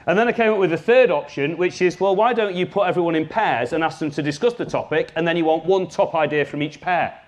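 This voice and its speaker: A man giving a live workshop talk as a business trainer, lively and jokey, speaking straight to his audience. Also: a little high, fast talker, few pauses.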